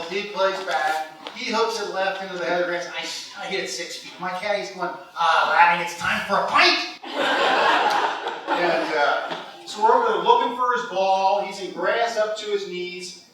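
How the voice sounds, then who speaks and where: This induction speech comes from a middle-aged Ohio man from Cincinnati who's entering a golf hall of fame, and his voice sits high. He recounts stories with animation and lots of laughter. The echoey hall and faraway mic are accompanied by a little hiss or hum.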